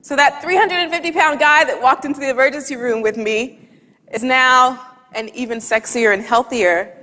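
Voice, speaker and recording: A woman with a fairly high voice tells a funny story in front of an audience, bringing each line of dialogue to life. Her voice carries a long reverb, as in a large hall. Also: moderate pace. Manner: lively, humorous storytelling with quoted dialogue. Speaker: speaker. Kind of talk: storytelling talk.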